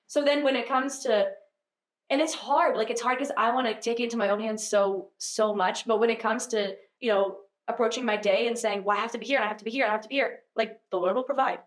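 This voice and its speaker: A young woman guest on a podcast, chatting casually about her faith, full of "like" and quick laughs. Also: on the high side, fairly even intonation. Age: young adult. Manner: chatty, lots of "like", laughs easily. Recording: echoey room.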